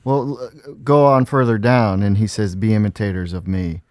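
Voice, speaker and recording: Low smooth-voiced man explaining calmly. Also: no room sound, clean studio sound. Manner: measured, explanatory. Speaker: guest pastor. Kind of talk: casual podcast discussion.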